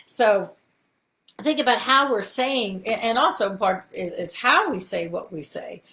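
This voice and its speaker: A woman's voice: on the high side, expressive, measured pace, sharp tone, slight background noise. A middle-aged woman, hosting a live faith talk in a folksy, encouraging way with many ums and asides. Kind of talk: casual live-stream teaching.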